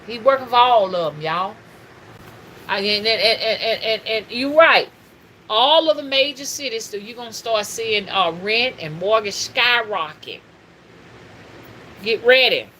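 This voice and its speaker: Lady going off on a livestream, bright sharp voice, a bit of hiss behind her. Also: a little high, a little slow, low-quality recording. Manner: animated, preachy, addresses viewers as y'all. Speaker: spiritual reader and livestream host. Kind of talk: casual livestream talk.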